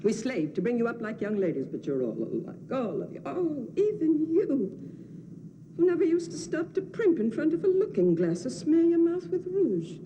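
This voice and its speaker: An actress playing an older nurse in a film drama, scolding and doting by turns with a fretful, sing-song lilt. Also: female voice, medium pitch, sing-song, brisk, few pauses, long reverb tail, background noise, lightly acted. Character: fussy old nurse, scolding yet doting.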